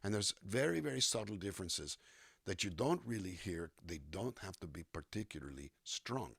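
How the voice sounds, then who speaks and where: A man with a very low, husky voice talks about his craft in a lively, swooping way. He often breaks into little demonstrations of delivery and accents. The sound is close and dry, with no room around it. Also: a little fast, dry recording. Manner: animated, demonstrates line readings and accents. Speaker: guest voice actor and musician. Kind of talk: conversational interview.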